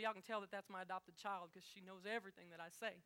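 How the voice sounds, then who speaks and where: A woman's voice: medium pitch, steady tone, quick pace, few pauses, fairly bright tone. A woman preaching a sermon, talking straight to her congregation in an emphatic, conversational way.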